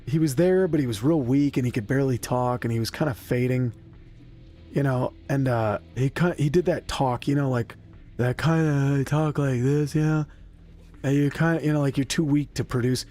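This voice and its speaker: Soft music plays behind this gaming streamer, whose medium-pitched voice is brisk and dark in tone. While playing, he chats casually with his viewers in a loose, rambling way, cracking self-deprecating jokes, cursing freely and openly sharing his feelings.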